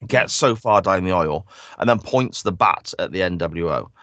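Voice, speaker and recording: A man's voice: deep voice, animated, moderate pace, a bit bright, no echo, muffled recording. Enthusiastic man on a dry podcast mic. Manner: enthusiastic, analytical. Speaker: podcast co-host. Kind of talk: casual chat reviewing a wrestling show.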